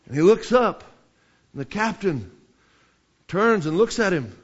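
A man preaching a sermon, telling a story with passion and rising to shouts, with many restarts. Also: high voice, big pitch swings, unhurried. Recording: dull lo-fi sermon recording.

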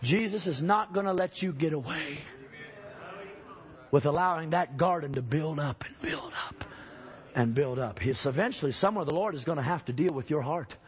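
A man preaching a sermon in a church, emphatic, swinging from shouting to low urging and calling out to the congregation. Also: animated, normal speed, dull audio.

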